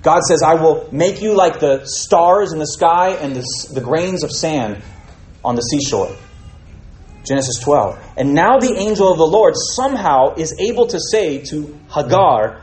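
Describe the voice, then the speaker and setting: A man's voice: fairly high pitch, normal speed, darkish tone, reverberant. Man reading scripture and teaching. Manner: reads scripture aloud, then explains it conversationally with fillers. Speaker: teacher at a messianic fellowship. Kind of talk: Bible study teaching.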